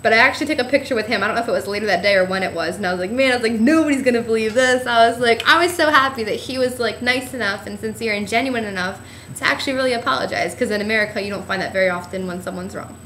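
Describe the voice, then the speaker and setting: A woman's voice: racing, a little hiss or hum. A young woman telling a chatty, rambling story of her trip in a casual vlog, acting out what people said. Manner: chatty storytelling, acts out quotes with a bright high voice. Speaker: vlogger.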